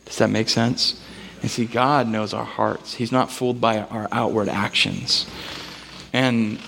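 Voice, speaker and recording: A man preaching a sermon in a relaxed, conversational way, telling stories and asking the congregation for amens. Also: medium pitch, creaky. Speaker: pastor. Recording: long hall reverb.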